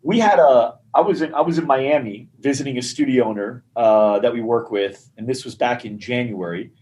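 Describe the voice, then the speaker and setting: A man with an ordinary mid-range voice tells a story in a loose, animated way. He slips into the voices of the people in the story as he goes. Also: medium pitch, moderate pace, rough recording. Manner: animated storyteller acting out dialogue. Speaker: gym marketing guest. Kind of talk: casual storytelling interview.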